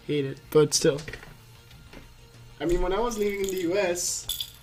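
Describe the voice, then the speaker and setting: A man from France, French his first language, calls a live card game match in English. His voice sits fairly high for a man, and he rambles and restarts in a loose, chatty way. Faint music plays underneath. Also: slow. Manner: chatty, laughs easily, many fillers and restarts. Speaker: esports caster. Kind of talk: casual live game commentary.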